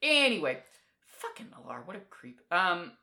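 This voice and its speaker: A woman's voice: on the low side, moderate pace, vocal fry. A woman co-hosting a podcast, chatting casually and animatedly about a comic, swearing now and then. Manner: animated, swears casually, acts out characters in quotes. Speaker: podcast co-host. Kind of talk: casual chat.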